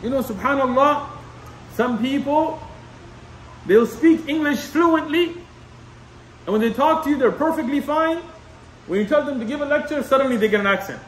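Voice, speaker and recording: A man's voice: very high-pitched, lively intonation, moderate pace, long pauses, a little hiss or hum. A man giving an Islamic lecture in a conversational, repetitive way, sprinkling in Arabic terms. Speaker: imam lecturer. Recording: echoey room, mic at a distance.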